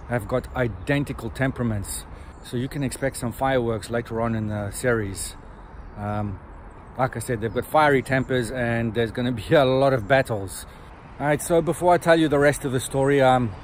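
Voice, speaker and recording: A man's voice: medium pitch, a little hiss or hum. A middle-aged man, chatting casually to camera as a reviewer, rambling with frequent ums. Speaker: book and TV series reviewer. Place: in a car on a road trip.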